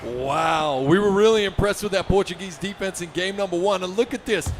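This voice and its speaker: A man calls a virtual basketball game with a high, lifted voice. He is excited and keeps punching out the big moments. He sounds like a busy live esports commentator. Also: brisk, faint music behind. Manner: excited, often shouting. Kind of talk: play-by-play commentary.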